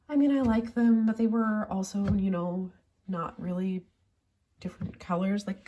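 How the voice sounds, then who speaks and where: A woman talking casually and rambling about her toy collection with many fillers, sounding a little sick and pausing to cough. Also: medium pitch, warm tone. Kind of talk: casual chat.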